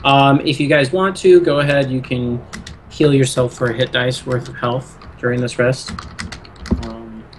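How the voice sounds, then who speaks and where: A man narrating as game master of an online tabletop session, unhurried and full of ums and uhs. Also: medium pitch, a little hiss or hum. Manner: relaxed, hesitant narration with many fillers.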